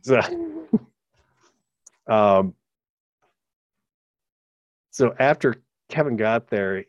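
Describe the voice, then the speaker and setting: A man's voice: on the low side, extremely slow, no room sound, highs cut off. A man casually retelling an anecdote, rambling and swearing as he quotes people. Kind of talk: casual chat.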